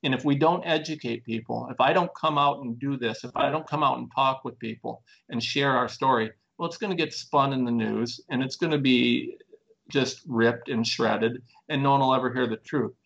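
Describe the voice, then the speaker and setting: A man talks with a gravelly edge, earnest and emphatic, often pushing his pitch up as he presses a point. The sound is dull and lo-fi. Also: normal speed, fairly bright tone. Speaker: plaintiff in a lawsuit. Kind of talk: conversational interview talk.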